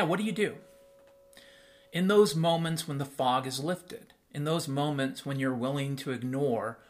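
A man hosting a solo podcast, talking straight to his listeners in a blunt, sarcastic rant full of swearing and rhetorical questions. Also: mid-range voice. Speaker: podcast host.

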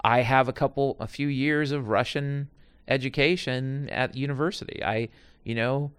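Recounting his old jobs in a casual, wandering monologue, a man in his forties or older curses often and keeps breaking off for asides and restarts. His medium-pitched voice is clear, resonant and fairly bright, moving at a moderate pace with no echo.

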